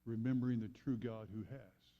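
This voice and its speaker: A man pastor preaching a sermon, moving between raised emphatic lines and quiet, hushed storytelling. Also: mid-range voice, fairly even intonation, fairly quick, muffled recording. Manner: preaching with dramatic swings from loud to hushed.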